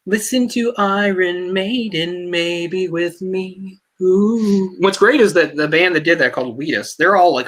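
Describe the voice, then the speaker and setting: Give me a tenor-voiced man co-hosting a film podcast, rambling and animated, with a bright, ringing tone. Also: on the high side. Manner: rambling, animated, heavy use of "like"; tenor speaking voice from a trained singer. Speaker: podcast co-host. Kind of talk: casual film discussion chat.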